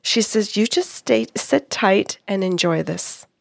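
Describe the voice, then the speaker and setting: Middle-aged woman host, gravelly, close dry mic, animated storyteller. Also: medium pitch, slow, no room sound. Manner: animated, quotes spirits and clients, laughs often. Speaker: psychic medium, co-host. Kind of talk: storytelling about a reading.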